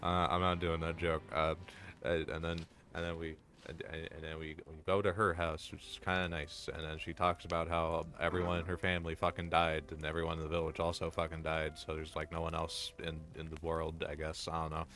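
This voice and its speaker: A man with a very low voice gives casual commentary while he plays a game. He rambles, repeats himself and jokes crudely. Faint music plays underneath. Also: monotone, fairly quick, a bit bright. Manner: rambling, repetitive, crude and joking. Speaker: game streamer.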